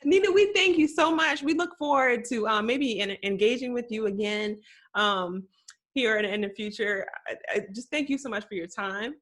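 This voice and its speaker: A woman's voice: fairly high pitch, normal speed, fairly bright tone. A woman hosting a podcast interview, chatty and rambling, laughing easily between remarks. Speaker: podcast host.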